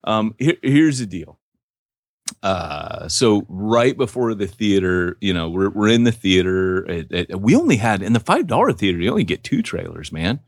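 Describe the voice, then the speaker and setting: A man co-hosting a podcast, telling stories in an animated, jokey way. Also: on the low side, normal speed, no echo, clean studio sound. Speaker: podcast co-host. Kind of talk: casual chat.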